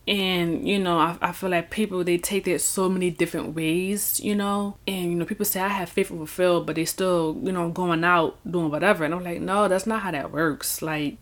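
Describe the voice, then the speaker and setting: A woman talking casually about her faith, rambling with lots of "you know" and "y'all", and acting out quotes with a lively voice. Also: fairly low pitch. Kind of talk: casual faith talk to camera.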